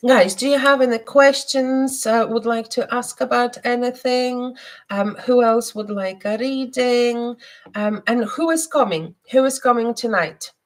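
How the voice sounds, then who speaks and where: A woman hosting a live stream and giving spiritual readings, talking gently with many hesitations and repeated words. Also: a little high, measured pace. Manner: soft and gentle, guiding breathing.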